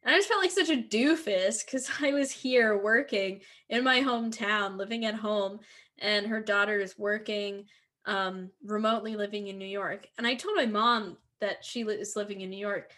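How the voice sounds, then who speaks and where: A woman's voice: mid-range voice, moderate pace, pushed and bright. A woman in her twenties from the Philadelphia area, co-hosting a podcast and telling rambling anecdotes full of quoted dialogue. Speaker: podcast co-host. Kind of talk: casual chat.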